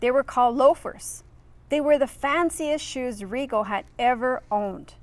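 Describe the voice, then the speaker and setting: A woman's voice: high voice, a little slow, no echo. A woman reading a children's picture book aloud expressively, adding friendly asides for her listeners. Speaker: reader.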